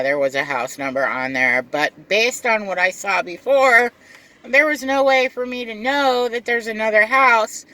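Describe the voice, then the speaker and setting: A rideshare driver tells a story in a casual vlog, speaking slowly and unhurriedly. The voice is bright and forward. The delivery is animated, and the driver slips into both sides of the dialogue. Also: medium pitch, no echo.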